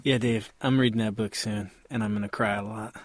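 A man's voice: on the low side, steady tone, fairly quick. A man in his thirties sharing a heartfelt, reflective story in casual chat.

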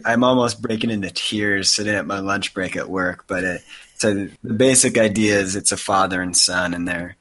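A man in his thirties chatting earnestly and emotionally, with halting restarts, about a book he loves. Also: deep voice, sharp tone. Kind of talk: casual chat and reading aloud from a novel.

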